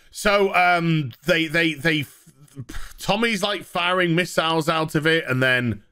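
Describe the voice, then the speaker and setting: A man tears into a TV episode with exasperated sarcasm. His voice is bright and fairly high, and he talks in a slow, drawn-out way. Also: smooth. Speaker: TV reviewer. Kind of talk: ranting TV review.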